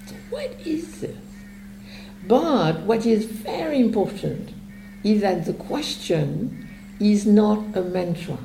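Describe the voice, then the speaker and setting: A woman gives meditation instruction at a slow, unhurried pace. Her voice is low and mellow with a gravelly edge. The talk rings in an echoey hall over a faint hum. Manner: slow, gentle and explanatory, with long pauses. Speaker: meditation teacher. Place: retreat center meditation hall.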